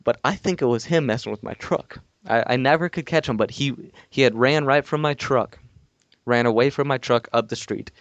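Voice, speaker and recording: A man's voice: mid-range voice, moderate pace, no echo, lo-fi sound. Young man rambling through a story. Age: young adult. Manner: rambling, animated story with restarts and laughs. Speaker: podcast co-host. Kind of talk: casual storytelling. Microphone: call-in from home.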